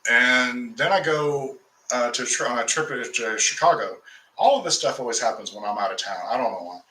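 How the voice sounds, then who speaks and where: A man's voice: mid-range voice, lively intonation, moderate pace, sharp tone, reverberant, low-quality recording. A man hosting a casual talk, telling a long story to his viewers in a rambling way with restarts, getting heated as he recounts a fight. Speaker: occultist host.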